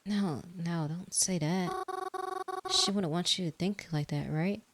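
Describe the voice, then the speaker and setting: Woman reading a gentle young mourner, low creaky voice. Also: unhurried, background noise. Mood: polite. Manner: soft-spoken, reassuring. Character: kind young woman at a funeral, gentle, consoling. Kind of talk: reading game dialogue aloud.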